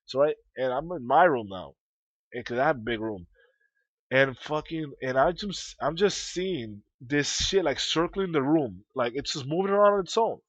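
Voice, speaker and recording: A young man telling a personal story in a casual, rambling way, full of swearing and repeated words, with loud high bursts when he gets worked up. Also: moderate pace, no echo, lo-fi sound. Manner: rambling, profane, repeats himself.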